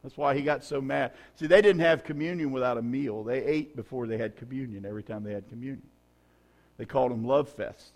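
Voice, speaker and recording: A man preaching a sermon, telling humorous, folksy stories and rising to loud, emphatic peaks. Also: medium pitch, a little fast. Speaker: pastor.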